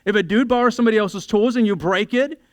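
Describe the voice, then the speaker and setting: Animated man preaching in a clear, high voice. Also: dry recording. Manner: animated, acts out conversations in quick voices, self-deprecating humor. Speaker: pastor. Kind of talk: sermon. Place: church.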